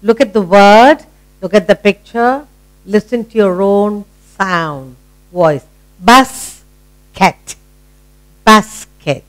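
A middle-aged woman with an Indian English accent teaching a phonics lesson to children, encouraging them and repeating each word slowly. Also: mid-range voice, low-quality recording. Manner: slow, sing-song, encouraging, repeating words.

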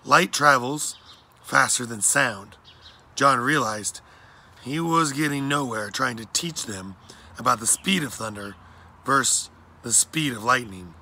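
Gravelly, bright male storyteller. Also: medium pitch, unhurried, slight background noise. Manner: plain, steady narration. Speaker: audiobook reader. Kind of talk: storybook reading.

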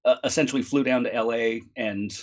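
A man's voice: mid-range voice, brisk. Rambling man with muffled lo-fi sound. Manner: relaxed, rambling with many ums and uhs. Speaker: guest voice actor and audiobook narrator. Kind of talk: casual chat. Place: home recording room, not studio quality.

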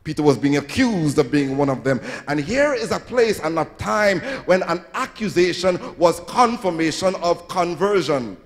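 A high-pitched man delivers a sermon, his voice gravelly at the edges. He swells into sing-song phrases and acts out quotes. The sound carries a long church-hall reverb. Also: expressive, normal speed, hardly any pauses. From Trinidad and Tobago. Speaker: pastor. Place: church sanctuary.

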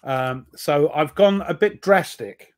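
A man's voice: on the high side, slow. A middle-aged British man co-hosting a casual live stream, teasing with dry jokes. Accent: British English. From Britain. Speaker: co-host.

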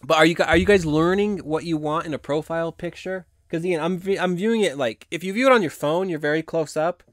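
A hoarse man hosting a casual live stream, chatting in a rambling way and laughing often. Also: on the high side, quick pace, dry recording, studio quality. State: hoarse from long talking.

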